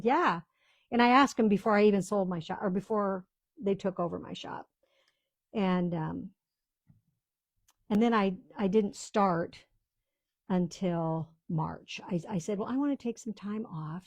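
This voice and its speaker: A woman's voice: mid-range voice, darkish tone, no echo, dull audio. A woman in her sixties chatting casually to viewers while she crafts, rambling through family stories in a talkative, storytelling way. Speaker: craft video host. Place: small-town home.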